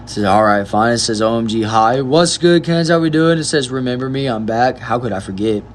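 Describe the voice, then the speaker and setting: A young man talks casually on his livestream. He reads viewers' messages aloud and answers each one in a relaxed, friendly way. A faint hum sits under his voice. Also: medium pitch, a little fast. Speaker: livestream host reading chat.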